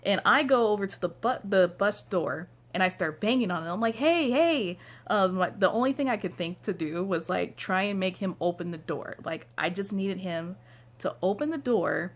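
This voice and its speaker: A woman's voice: mid-range voice, moderate pace. A young woman vlogger telling a casual story from home into her phone, rambling with lots of "like" fillers. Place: downstairs room at home.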